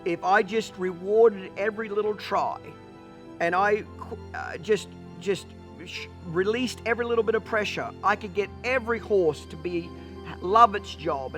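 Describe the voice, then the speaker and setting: Blunt, forceful horse trainer. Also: male voice, high voice. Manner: blunt, profane, emphatic with rhetorical okays. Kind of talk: storytelling vlog.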